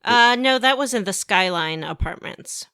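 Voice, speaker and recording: A woman's voice: medium pitch, lively intonation, normal speed, bright, forceful tone, smooth, no room sound, clean studio sound. A woman co-hosting a podcast, chatting casually and teasingly about a video game. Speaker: podcast co-host.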